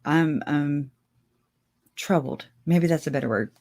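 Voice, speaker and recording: A woman's voice: low voice, a little slow, a little mellow. A woman hosting a casual livestream, rambling and chatty, laughing often and talking straight to her viewers. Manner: speaks to viewers directly. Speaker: livestream host.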